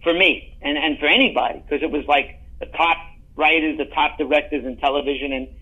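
A middle-aged man with a notably high voice tells long, rambling stories in a relaxed interview. He stumbles over restarts and piles on asides. The sound is dull and muffled, like a lo-fi line. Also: brisk, slightly rough. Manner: animated, rambling anecdotes with frequent restarts. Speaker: guest, actor. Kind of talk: casual storytelling interview.

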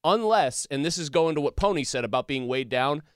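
A man co-hosting a sports talk show, pressing his argument with emphatic force. His voice is smooth and clear, a little higher than most. The sound is dry and close. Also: expressive, fairly quick, dry recording. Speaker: sports podcast co-host. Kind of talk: casual sports debate.

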